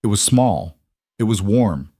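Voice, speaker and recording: Male narrator, deep-ish, measured, dry studio read. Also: slightly rough, no room sound. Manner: measured, even storytelling. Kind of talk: scripted story narration.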